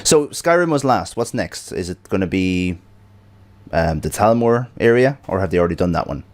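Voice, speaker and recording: A man's voice: low-pitched, lively intonation, moderate pace, a little mellow. A man with an Irish accent hosting a casual podcast over a call, laughing often and teasing his guests. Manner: laughs often, teasing, asks rambling questions. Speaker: podcast host. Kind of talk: casual chat.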